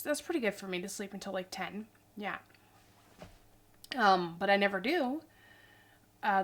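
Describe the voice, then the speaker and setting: A woman in her forties talks casually to her viewers, rambling and goofy. She sounds tired. Her voice sits at an ordinary middle pitch. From Idaho, US. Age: 40s. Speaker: vlogger. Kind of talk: casual chat.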